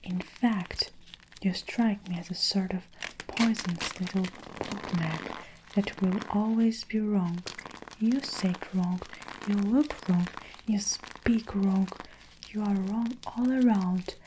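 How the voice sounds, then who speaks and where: A woman's voice: mid-range voice, takes it slowly, background noise, natural voice. Miss Trunchbull, a woman whispering as a barking headmistress. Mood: scornful. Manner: barking, contemptuous insults. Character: bullying loud female headmistress, cruel and scornful. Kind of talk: whispered role-play.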